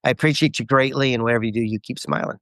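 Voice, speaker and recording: Guest author, middle-aged man, lively anecdote teller, dry close mic, mid-pitched voice. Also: racing, no room sound. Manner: animated storyteller quoting others. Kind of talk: storytelling interview.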